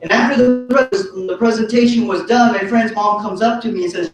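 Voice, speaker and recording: A man giving a motivational business talk, telling his story in an animated, folksy way with punchy repetition. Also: a little fast, hardly any pauses, soft background music. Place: hotel ballroom. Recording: echoey hall from far off, faint rumble.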